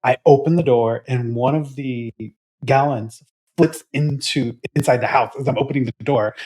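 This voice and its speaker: A man's voice: mid-range voice, moderate pace, a little mellow. A man co-hosting a podcast, who tells chatty anecdotes in casual conversation and laughs along the way. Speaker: podcast co-host. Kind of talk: casual chat.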